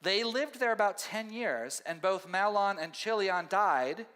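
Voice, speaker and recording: A male pastor preaching a sermon in a church, conversational and animated, often acting out quotes. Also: high voice, measured pace. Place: church sanctuary. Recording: long hall reverb.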